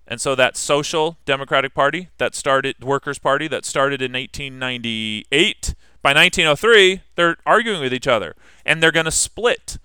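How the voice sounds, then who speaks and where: A man's voice: mid-range voice, sharp tone, clean tone, no room sound, clean studio sound. A man teaching a history class in a casual lecture, asking the students questions as he explains.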